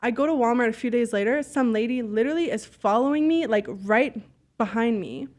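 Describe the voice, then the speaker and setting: A woman from Canada, a guest in a casual interview, tells her stories bluntly and with plenty of energy. Her voice sits a bit high, and she peppers her speech with "like" and the odd curse while she acts out what other people said. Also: fairly quick. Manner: animated, blunt storyteller who swears; fillers and acted-out dialogue. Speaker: podcast guest, business owner.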